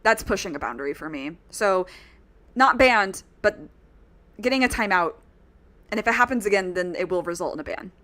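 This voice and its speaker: A woman's voice: mid-range voice, animated, normal speed, sharp tone. A woman streaming a video game, chatting casually and with exasperation to her viewers. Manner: chatty, exasperated, talks straight to chat. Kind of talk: casual let's-play chat.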